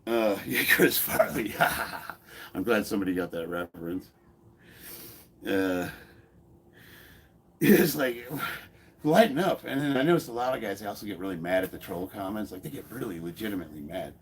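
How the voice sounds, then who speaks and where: A man's voice: on the low side, normal speed, pauses often, slight background noise. Blunt joking man in his forties. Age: 40s. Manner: blunt, joking, laughs often, swears freely. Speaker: fitness YouTuber. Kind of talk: casual chat while lifting in a garage, reading comments aloud. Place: home garage gym.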